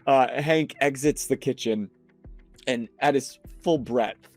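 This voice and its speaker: A man running a tabletop game as game master, narrating scenes with unhurried description. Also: medium pitch, no echo, faint music behind.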